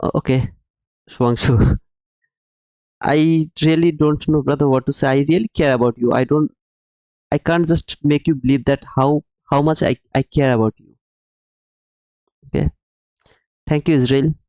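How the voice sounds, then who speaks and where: A man with a somewhat high voice runs a live trading stream. He talks emphatically, repeats his points and calls viewers brother. His voice sounds dry and close, with little room sound. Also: steady tone, moderate pace, pauses often, warm tone, dry recording, rough recording. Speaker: livestream trading host. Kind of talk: live-stream market commentary and chat replies.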